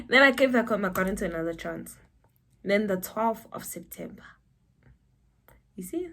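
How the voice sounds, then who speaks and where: A young South African woman telling a personal story to camera, animated and breaking into high exclamations. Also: moderate pace. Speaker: vlogger.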